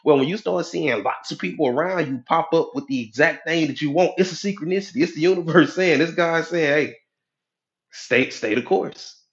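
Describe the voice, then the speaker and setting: A man giving a preachy, animated motivational talk as a life coach, acting out the voices of people he quotes. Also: on the high side, moderate pace, dull audio. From United States.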